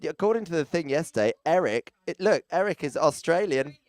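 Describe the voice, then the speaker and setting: Male arena announcer, playful and chatty, smooth higher voice, dry close mic. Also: lively intonation, fairly quick, a little mellow, dry recording. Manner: chatty, teasing, jokey asides to people around the arena. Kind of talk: live event commentary.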